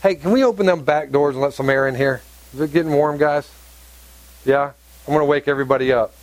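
A man with a high voice preaches to his congregation, driving his points home by repeating phrases. He keeps asking the room questions as he goes. His voice is close and dry. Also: fast talker, no echo. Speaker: pastor. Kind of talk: sermon. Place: church hall with congregation.

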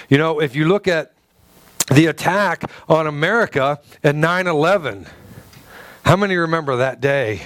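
A man preaching a sermon through a personal story, halting and stumbling over repeated words, and acting out the dialogue. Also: a little high, animated, fairly bright tone, no room sound. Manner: acts out quoted dialogue in his stories.

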